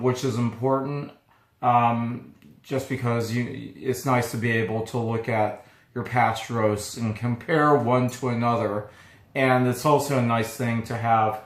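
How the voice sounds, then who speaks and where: Man with a recovering voice in an echoey room. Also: mid-range voice. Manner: halting and easygoing, pausing often. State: voice not fully recovered. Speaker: coffee roaster owner. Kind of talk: casual explainer to camera.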